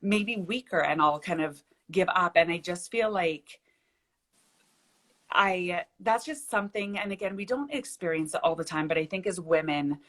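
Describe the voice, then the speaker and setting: Young woman telling a lively story. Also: lowish voice. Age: young adult. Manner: animated storyteller, acts out quoted dialogue. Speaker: guest, bridal shop owner. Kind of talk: casual video-call interview. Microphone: video call.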